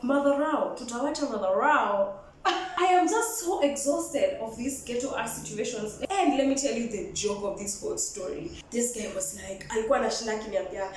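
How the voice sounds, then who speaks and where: A young woman with a Kenyan accent tells a storytime vlog in a lively, sassy way. Her voice sits high, and she sounds a little away from the mic in a very echoey room with faint ambience behind her. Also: distant mic. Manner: animated, code-switching, sassy. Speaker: vlogger.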